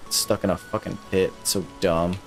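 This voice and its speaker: A male streamer talks to his chat while he plays, swearing freely and venting about getting stuck. His voice sits on the low side. Soft music plays under him. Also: fairly even intonation, normal speed. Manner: profane, frustrated, talks to chat. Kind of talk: casual live gameplay commentary.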